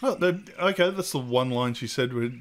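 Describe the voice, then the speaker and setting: A man's voice: medium pitch, animated, moderate pace, a little hiss or hum. A man giving casual, dry, sarcastic commentary while playing an old computer game. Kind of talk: casual let's-play commentary.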